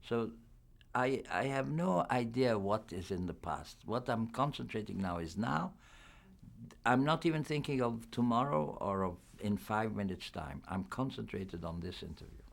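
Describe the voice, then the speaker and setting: A man's voice: lowish voice, animated, moderate pace, vocal fry. An older man, a film actor, giving a candid, reflective press interview.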